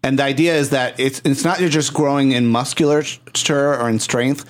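A man's voice: medium pitch, fairly even intonation, moderate pace. A man hosting a casual podcast chat, rambling and thoughtful with many fillers.

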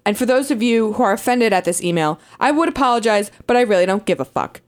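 A woman's voice: on the high side, lively intonation, fast. A woman reading a profane, aggressive email aloud in a mocking, angry tone. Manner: aggressive, mocking, lots of swearing.

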